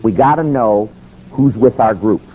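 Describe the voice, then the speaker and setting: A man's voice: lowish voice, measured pace, muffled recording, a little hiss or hum, close to an everyday voice. A man voicing a tireless, upbeat male preacher who pushes a bold plan, speaking eagerly and insistently. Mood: urgent.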